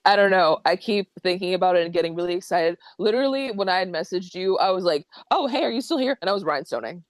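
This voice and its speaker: A drag king guest in a casual podcast interview, excitable and rambling, self-deprecating and quick to laugh. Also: fairly low pitch, no echo. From Ohio.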